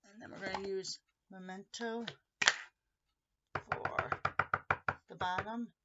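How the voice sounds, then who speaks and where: A woman's voice: mid-range voice, steady tone, slow pace, muffled recording, very noisy. A woman hosting a casual crafting tutorial, chatting as she walks viewers through each step of a handmade card.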